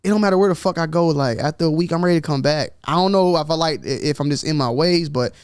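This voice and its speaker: A man's voice: a little high, fast talker, clear, resonant tone, no echo, clean studio sound. A man hosting a podcast in casual chat, a little tipsy, telling stories loosely and mimicking other people's voices. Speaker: podcast host.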